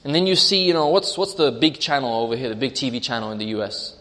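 A man's voice: medium pitch, animated, fast, a bit bright, in a large hall. A male preacher delivering a sermon, storytelling through a vivid imagined scene.

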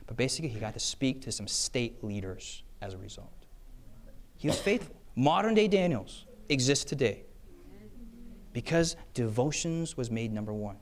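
A man with a mid-range, sing-song voice preaches at a moderate pace on time management, weaving stories into his sermon. He engages his listeners, checking in with "okay?" and "yes?" and acting out the quoted voices as the story unfolds.

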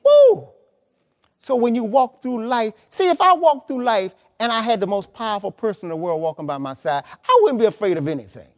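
A man's voice: high voice, expressive, a little fast, hardly any pauses. A man preaching a sermon as pastor, emphatic and colloquial, repeating words and pressing his points to the congregation. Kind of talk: lively sermon.

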